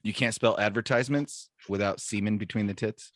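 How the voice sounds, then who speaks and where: A man in his forties, a podcast co-host, telling puns and jokes in deadpan style and laughing at his own lines. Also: lowish voice, a little fast, no room sound, clean studio sound. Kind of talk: casual joke-telling banter.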